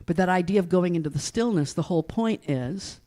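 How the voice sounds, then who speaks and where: A woman's voice: fairly low pitch, a little fast, warm tone. A middle-aged woman pastor from East Tennessee giving a folksy, storytelling sermon and often asking her congregation "right?".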